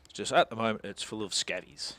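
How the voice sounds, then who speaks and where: A man's voice: on the low side, a little fast, bright, forceful tone, slight background noise. A man thinking aloud as he plays a strategy game, muttering and mocking his own mistakes. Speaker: gaming channel host.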